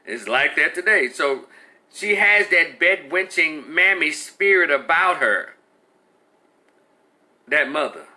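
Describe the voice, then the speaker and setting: A man's voice: a little high, animated, takes it slowly, long pauses, pushed and bright. A man giving a heated, blunt and profane opinion rant, talking in an exasperated way. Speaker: commentator.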